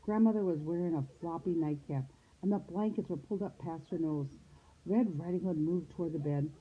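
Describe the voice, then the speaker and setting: Teacher lady reading a kids story, lowish husky voice, sounds like over a phone. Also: brisk, narrow, tinny audio. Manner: expressive storytelling, shifts into character voices. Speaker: preschool teacher. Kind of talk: storybook read-aloud.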